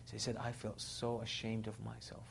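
A man giving a sermon, retelling a story with animated, dramatic quotes of the people in it. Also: fairly low pitch, normal speed, creaky, slight background noise. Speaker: Islamic preacher.

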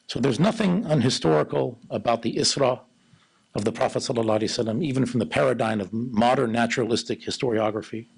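A man giving an Islamic lecture in a low monotone, then taking audience questions. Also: quick pace, vocal fry, husky, low-quality recording. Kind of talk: religious lecture with Q&A.

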